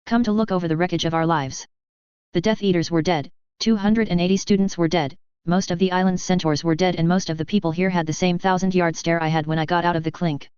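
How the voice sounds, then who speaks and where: Woman narrator, steady storybook read, smooth low voice, muffled lo-fi sound. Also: fast talker, dry recording. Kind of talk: fan fiction audiobook reading. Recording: dull dry lo-fi audio.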